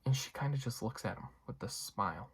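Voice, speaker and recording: A man's voice: medium pitch, lively intonation, fairly quick, creaky, husky. A young man giving a casual, rambling movie review, full of fillers and asides. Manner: rambling, lots of fillers and you-knows.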